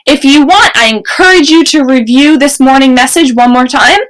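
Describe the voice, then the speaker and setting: A young woman teaching a remote kindergarten lesson, speaking slowly and clearly in an encouraging teacher voice. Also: high voice, a bit bright, rough recording.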